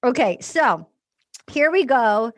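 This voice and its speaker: A woman with a high voice hosts a comedy podcast and tells the story in a lively, playful way. She slips into the voices of the people she quotes. Her sound is dry and close, with no room echo. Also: slow. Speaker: podcast host recapping a dating show. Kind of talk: casual comedic recap with acted-out quotes.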